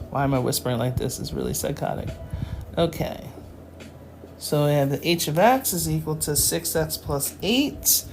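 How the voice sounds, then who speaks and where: A woman's voice: deep voice, a little mellow, slight background noise. A woman in her forties tutoring math in a casual live-stream lesson, chatty and joking, laughing often.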